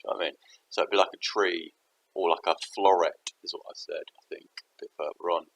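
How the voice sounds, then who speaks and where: Rambling low-voiced man. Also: steady tone, fast talker, poor audio. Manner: rambling, self-interrupting, musing. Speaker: vlogger. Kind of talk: casual thinking aloud to camera.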